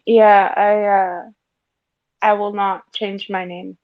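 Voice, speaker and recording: Woman, slow playful casual chat, dry dull lo-fi sound. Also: medium pitch, level tone, dry recording. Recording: muffled lo-fi line.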